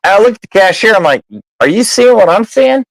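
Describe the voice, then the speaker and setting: Profane, animated storytelling man. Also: sits high, fairly quick, dry recording, poor audio. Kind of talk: casual storytelling chat.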